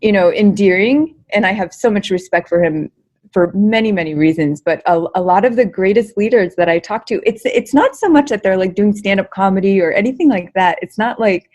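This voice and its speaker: Brisk and mid-range in voice, the young woman fields interview questions as a guest researcher and comedian. Her answers come out energetic and talkative, full of fillers and repeated words.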